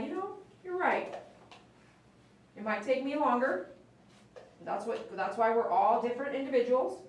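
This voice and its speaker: A woman's voice: on the high side, expressive, unhurried, pauses often. Chatty woman groomer in an echoey room. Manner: chatty, talks to the dog in a sing-song coaxing voice. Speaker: dog groomer. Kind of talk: casual live-stream chat while grooming. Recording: very echoey room, mic at a distance.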